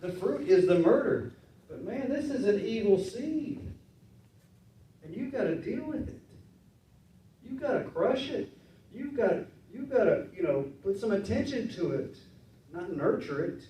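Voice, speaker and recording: A man preaching a sermon in a relaxed, conversational way, acting out the voices of his listeners. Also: sits high, measured pace, pauses often, a little hiss or hum. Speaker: pastor. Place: church sanctuary. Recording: roomy church sound from a distance.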